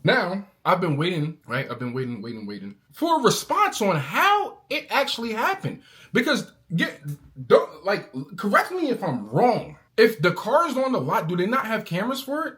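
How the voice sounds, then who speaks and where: Man, casual vlog rant, angry, slangy, lively swooping voice. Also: high-pitched, normal speed. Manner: animated, slangy, calls listener bro. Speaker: car owner vlogger.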